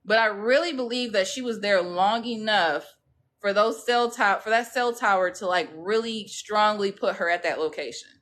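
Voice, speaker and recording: A woman's voice: medium pitch, normal speed, a bit bright. A woman talks to her live viewers in a loose, gossipy way, full of slang and asides. She keeps checking in with them as she goes, like she's catching up with friends. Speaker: true crime livestream host. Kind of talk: casual chat with live viewers.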